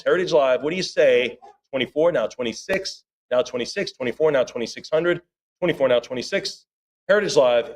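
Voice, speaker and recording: Fast-calling male auctioneer, chatty. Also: medium pitch. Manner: rapid rhythmic bid calling with chatty asides.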